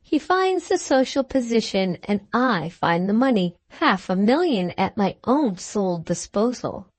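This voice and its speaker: A woman voicing a wealthy, composed lady who answers with calm, cutting words. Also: medium pitch, unhurried, no echo. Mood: coolly defiant. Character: wealthy, cool, self-assured woman engaged to a young lord.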